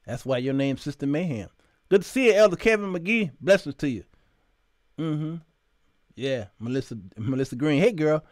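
A man hosting a live talk show, telling stories in an animated way with preacher-like emphasis. His voice sits fairly high and leaps up and down as he talks. The sound is dry and close. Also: normal speed, no room sound. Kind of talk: live talk show monologue with chat shout-outs. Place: studio.

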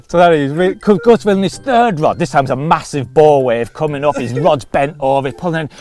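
A man's voice: a little high, a little fast, hardly any pauses, faint music behind. A man telling a long funny fishing anecdote, laughing often and acting out the other voices. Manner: animated storyteller, laughs often, acts out voices. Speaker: carp fishing show regular. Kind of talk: storytelling anecdote.

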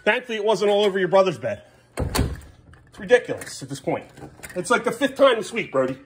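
A man's voice: sits high, big pitch swings, fairly quick, background noise. A man in a casual vlog, scolding in an exasperated way and repeating the same stern words over and over. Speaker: vlogger.

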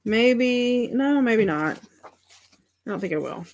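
A woman's voice: fairly high pitch, animated, slow pace, a little hiss or hum. A middle-aged woman hosting a crafting livestream, thinking aloud as she works and chatting with viewers about their comments. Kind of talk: casual craft demonstration chat.

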